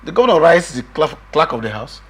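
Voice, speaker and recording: Middle-aged male guest, husky, high and animated, emphatic and insistent. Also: quick pace. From Nigeria. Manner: emphatic, repeats himself, quotes others in raised voice. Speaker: political guest. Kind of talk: animated political discussion.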